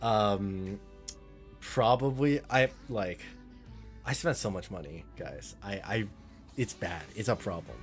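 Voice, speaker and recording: A man's voice: on the low side, expressive, takes it slowly, soft background music. A man streaming a game live, chatting casually with viewers in a rambling, friendly way and reading chat aloud.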